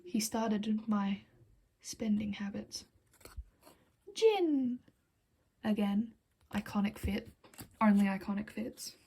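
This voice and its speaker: A woman's voice: mid-range voice, slow, long pauses, dark tone, husky, low-quality recording. A woman chatting casually to camera as a vlogger, giggly and rambling, often slipping into whispered asides and little apologies. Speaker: vlogger reviewing album collection.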